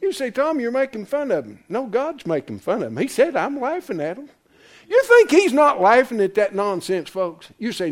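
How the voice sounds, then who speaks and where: An older man preaching a folksy, emphatic sermon, swinging from loud to quiet. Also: very high-pitched, huge pitch swings, normal speed. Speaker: pastor.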